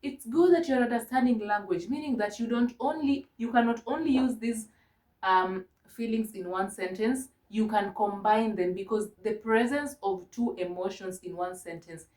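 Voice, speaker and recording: A woman from Kenya teaching a mock English lesson to a young child, gentle and encouraging, spelling words out slowly. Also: mid-range voice, echoey room. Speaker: online ESL teacher.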